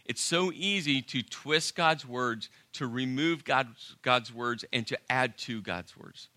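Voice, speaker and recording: A male pastor delivers a sermon with emphatic, animated preaching and dramatic pauses. His voice has a very bright, forceful edge. The sound is dry and close. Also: medium pitch, no room sound.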